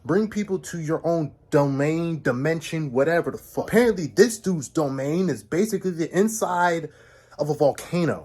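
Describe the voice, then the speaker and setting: A man giving a comedic, casual anime recap in loud, profane, incredulous rants. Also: a little high, husky.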